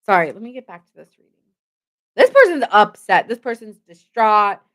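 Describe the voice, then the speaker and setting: A woman's voice: medium pitch, very animated, normal speed, fairly bright tone. Young woman tarot reader, loose and chatty, laughs easily, mid-range voice. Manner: chatty and rambling, lots of "like", laughs often; chats with viewers in the comments. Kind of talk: casual live tarot reading.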